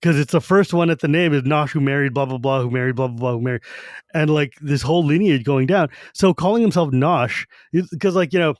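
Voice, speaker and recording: Podcast guy chatting about a book, slightly high voice, acts out lines, super dry sound. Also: a little fast, no echo. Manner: animated, acts out quotes. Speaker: podcast co-host. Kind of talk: casual book discussion.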